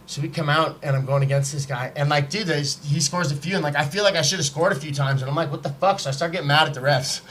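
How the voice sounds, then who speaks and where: A man spins a wild story in loose, swearing podcast talk, acting out every line he quotes. His voice sits a bit high and sounds bright and forceful. A faint hiss runs underneath. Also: quick pace, hardly any pauses. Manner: animated, profane, acts out quotes. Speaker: podcast guest telling a story. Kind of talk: casual storytelling. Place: podcast studio, live.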